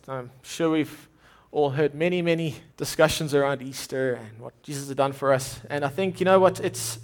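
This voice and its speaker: Male preacher, fairly high voice, earnest sermon delivery with frequent word repeats. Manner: earnest, often repeats and restarts words.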